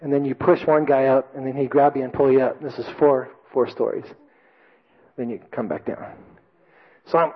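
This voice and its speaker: A man preaching a sermon to a congregation, telling a personal story with lively, self-mocking delivery and loud acted-out voices. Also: mid-range voice, fairly quick. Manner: animated storytelling, shouting quoted drill sergeant. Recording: dull lo-fi recording.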